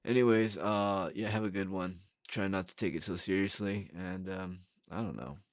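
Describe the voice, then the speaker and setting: A man's voice: sits low, steady tone, moderate pace, no room sound, studio quality. A young man hosting a solo podcast, rambling bluntly in casual talk and swearing freely. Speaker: podcast host.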